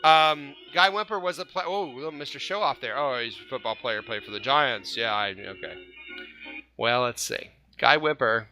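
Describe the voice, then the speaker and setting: A man's voice: medium pitch, moderate pace, over music. A man hosting a casual fan podcast, running a name quiz, joking and laughing often as he spells out names. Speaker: podcast host. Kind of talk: casual panel chat, quiz game.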